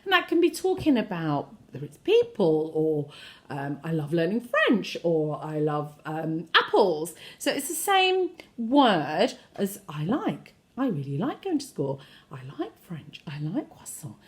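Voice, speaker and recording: A woman leads a French lesson for children, modelling words and pausing for the listener to repeat them. Her pitch leaps around very expressively as she acts out different intonations. She praises each attempt warmly and brightly. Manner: encouraging, repeats phrases for the listener to echo; very animated pitch, plays with intonation. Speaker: French teacher.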